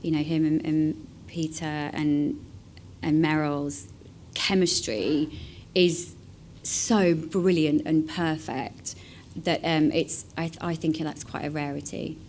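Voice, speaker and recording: A woman, an actor talking about a favourite film in a relaxed, reflective way with many fillers and restarts. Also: sits low, slow, a little hiss or hum. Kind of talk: casual conversation.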